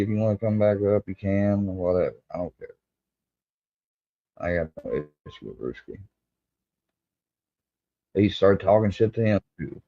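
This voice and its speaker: A man's voice: sits low, dark tone, dry recording. A man hosting a livestream, ranting in an angry, profane, confrontational way. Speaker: livestream host. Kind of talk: heated livestream rant. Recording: dull lo-fi stream audio.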